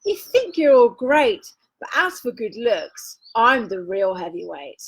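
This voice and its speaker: A woman's voice: mid-range voice, lively intonation, a little slow, creaky, pushed and bright, slightly rough, full character voice, poor audio. A woman voicing a boastful elephant in a children's storybook, bellowing.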